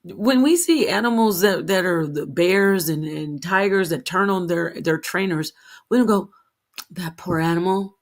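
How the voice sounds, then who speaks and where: A woman's voice: lowish voice, normal speed. A woman hosting a livestream, talking to her chat, correcting herself as she goes and addressing viewers by name. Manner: self-correcting, animated, talks to herself and viewers. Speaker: livestream host. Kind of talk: solo livestream talk to chat.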